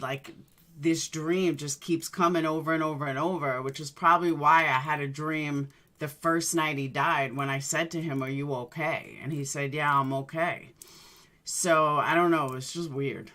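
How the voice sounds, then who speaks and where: Low-voiced woman chatting casually. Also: steady tone, a little slow, sharp tone. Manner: rambling storyteller, addresses viewers by name. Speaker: livestream host chatting with viewers. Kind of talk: casual chat.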